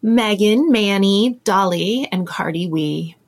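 A woman with a North American accent chatting as an interview guest, telling stories in a relaxed way. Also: medium pitch, slow pace. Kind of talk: casual interview chat.

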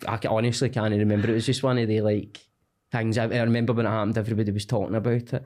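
A man's voice: fairly low pitch, level tone, racing, darkish tone. A Scottish comedian, a man, telling jokey, sweary stories as a guest in casual podcast banter on a close studio mic. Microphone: studio mic close to face.

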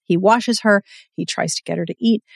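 A woman's voice: mid-range voice, moderate pace, creaky, breathy edge, no room sound, studio quality. A woman co-hosting a podcast, recapping a novel in casual chat and acting out the characters' lines. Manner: animated storyteller, acts out quotes, swears casually. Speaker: podcast co-host.

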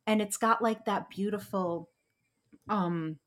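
A woman's voice: mid-range voice, slow, fairly bright tone. An American woman co-hosting a podcast in a casual chat, emphatic and gushing, restarting her sentences often. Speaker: podcast co-host.

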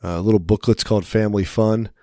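A man's voice: lowish voice, steady tone, quick pace, dark tone, dry recording, studio quality. A man co-hosting a casual podcast, telling rambling stories and swearing freely. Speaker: podcast co-host. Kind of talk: casual chat.

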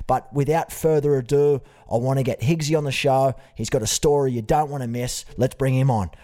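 A man's voice: mid-range voice, steady tone, fairly quick. A young Australian man hosting a podcast, earnest and chatty, calling his guest mate. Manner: warm, earnest, says mate often. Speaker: podcast host. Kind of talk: casual podcast interview.

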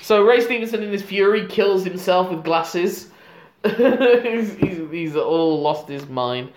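A man's voice: high-pitched, lively intonation, slow pace, a little mellow, echoey room, a little hiss or hum. A man co-hosting a casual podcast, retelling a film's plot with laughs and swearing. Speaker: podcast co-host. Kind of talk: casual film recap chat.

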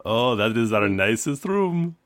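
A man voicing a wary male bartender in a pirate town, with dry, deadpan replies. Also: medium pitch, normal speed, close to an everyday voice. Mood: pushy.

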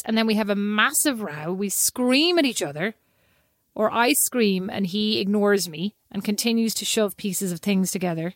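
An Irish woman co-hosting a chatty podcast, her pitch swinging widely as she talks with emphatic energy. The sound is dry and close on a studio mic. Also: normal speed, no room sound. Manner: animated, emphatic, laughs easily. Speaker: podcast co-host. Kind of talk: casual chat. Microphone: studio microphone.

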